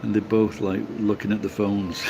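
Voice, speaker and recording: A man's voice: lowish voice, level tone, moderate pace, creaky, noisy background. A man with a Yorkshire accent chatting casually on a livestream, blunt and sweary, laughing as he answers viewers. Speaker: livestreamer reading chat. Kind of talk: casual live chat.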